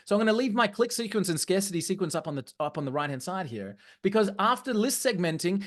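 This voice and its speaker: A marketing trainer speaks to a live audience in an animated way. Key phrases come back again and again for emphasis, in a voice of middle pitch. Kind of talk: live seminar talk.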